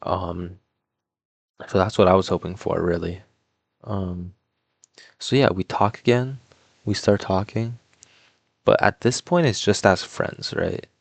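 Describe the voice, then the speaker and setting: A young man tells a personal story in a deep, monotone voice. He meanders, leaning on "like" and "um", half-distracted by a puzzle. The sound is dry and close. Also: slow, creaky, long pauses, no room sound. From Toronto, Canada. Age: young adult. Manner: rambling, filler-heavy, lots of "like" and "um"; laid-back, mumbling asides while doing a puzzle. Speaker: vlogger. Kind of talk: casual storytelling.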